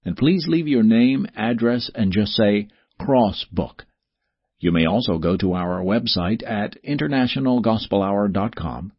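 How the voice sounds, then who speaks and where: Low husky male radio announcer. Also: dry recording. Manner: friendly, clear, repeats details slowly. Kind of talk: scripted on-air offer announcement. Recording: dull, lo-fi radio broadcast sound.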